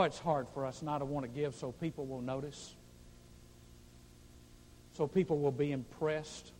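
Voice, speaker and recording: A man preaching a sermon to a large congregation, animated and playful, acting out prayers in mock voices. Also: fairly high pitch, in a large hall, a little hiss or hum, rough recording. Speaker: pastor. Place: large church.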